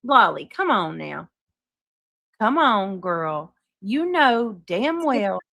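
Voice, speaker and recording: A woman's voice: mid-range voice, big pitch swings, slow pace, gravelly, pushed and bright, no room sound. A woman with a Southern accent hosting a live stream, chatting casually with viewers and swearing freely. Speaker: livestream host. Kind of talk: casual live chat reading comments.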